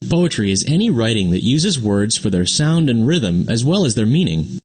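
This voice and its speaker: A man's voice: medium pitch, sing-song, moderate pace, darkish tone, slightly rough. A man voicing a friendly young cartoon explainer who teaches the basics of poetry in scripted, upbeat narration. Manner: upbeat, explains simply and answers an unheard sidekick.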